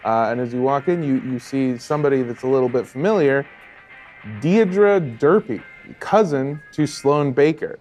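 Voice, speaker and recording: A man's voice: medium pitch, normal speed, darkish tone, soft background music. A man narrating as game master of a tabletop role-playing game, laughing often and putting on voices for side characters.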